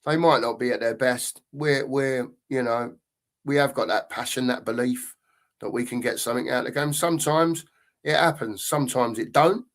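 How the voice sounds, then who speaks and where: Man, middle-aged, mid-pitched voice, matey live-chat host. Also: moderate pace. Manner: chatty, matey, greets viewers with "big up".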